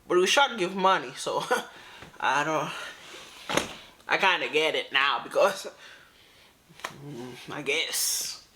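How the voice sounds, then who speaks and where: A woman's voice: low-pitched, animated, takes it slowly, pauses often, pushed and bright, a little hiss or hum. A woman hosting a reaction video, giving emphatic and opinionated commentary and scolding the viewers. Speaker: reaction channel host.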